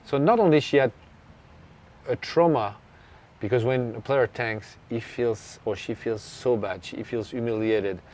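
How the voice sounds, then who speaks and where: Slight background noise sits behind a medium-pitched, slightly mellow voice moving a little slowly. A French-accented tennis coach from France tells a story in an interview, earnest and reflective, acting out dialogue he recalls.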